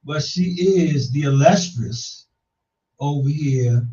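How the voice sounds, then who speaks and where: A middle-aged talk show host tells loose, rambling stories in a casual way, throwing in playful jabs. He speaks slowly with a warm tone, and the distant mic gives the recording a dull, low-fidelity sound.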